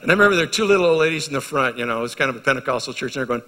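A middle-aged man preaching at a retreat, his voice bright and a touch high for a man. He tells stories, rising to loud exhortation and dropping to hushed intensity. The sound carries a long reverb from a large hall. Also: very fast. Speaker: pastor. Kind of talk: sermon. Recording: live sermon in a reverberant hall.

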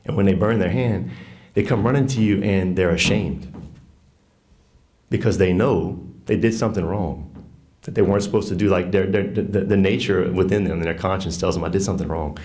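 A man's voice: low-pitched, moderate pace, darkish tone. A man in his thirties or forties with a Southern US accent, teaching a group in an earnest, folksy, conversational way and often checking in with "right?". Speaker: catechist teaching a workshop on faith and marriage.

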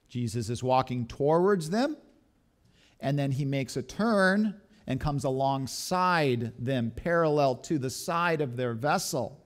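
A man preaching a sermon as a pastor, animated and full of rhetorical questions. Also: medium pitch.

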